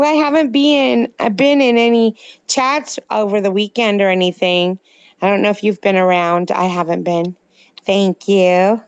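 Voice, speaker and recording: A woman's voice: medium pitch, little pitch movement, unhurried, clean tone, no echo. A woman with a slight New Jersey accent, co-hosting a casual late-night live chat and rambling to viewers in the chat. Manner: chatty, rambling, answers viewer comments. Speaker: livestream co-host. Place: home in California at night.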